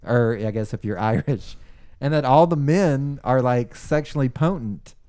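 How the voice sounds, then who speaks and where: A man's voice: medium pitch, measured pace, mellow. A man co-hosting a casual podcast, giggling as he reads out news stories. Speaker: podcast co-host. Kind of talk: casual chat.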